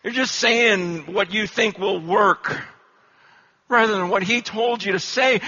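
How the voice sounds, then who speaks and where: A man's voice: sits high, measured pace, bright, forceful tone. A man in his forties preaching at a conference, telling stories in a conversational, self-deprecating way that builds to impassioned urgency. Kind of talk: conference sermon. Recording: dull lo-fi conference recording.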